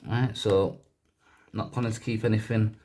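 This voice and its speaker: A man with a lowish voice chats his way through taking a gadget apart. He rambles and keeps stopping to correct himself. His manner stays relaxed and offhand. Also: moderate pace. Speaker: YouTuber doing a gadget teardown. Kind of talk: casual teardown commentary.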